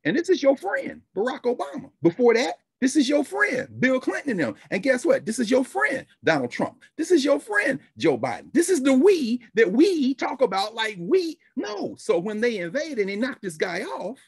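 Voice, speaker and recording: Animated husky-voiced man lecturing. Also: very high voice, normal speed, few pauses, no echo, clean studio sound. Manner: animated, plays out voices of officials. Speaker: history lecturer. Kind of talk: animated commentary with acted-out phone calls.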